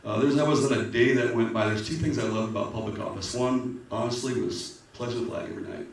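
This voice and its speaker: A man's voice: medium pitch, fairly quick, vocal fry. A man giving an earnest, emotional candidate's speech at a public forum, often restarting his sentences. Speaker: political candidate. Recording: echoey hall from far off, faint noise.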